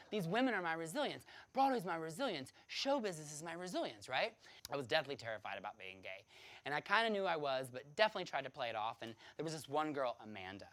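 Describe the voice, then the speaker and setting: A man from the United States telling a personal story to an audience, animated, laughing often and acting out the voices of others. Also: mid-range voice.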